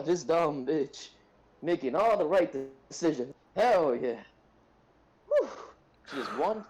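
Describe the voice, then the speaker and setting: A man in a casual tabletop game session, venting loudly and emotionally with plenty of swearing. His pitch rises and falls in wide, lively swings as he rants. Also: poor audio. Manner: emotional, profane, ranting. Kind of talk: casual chat.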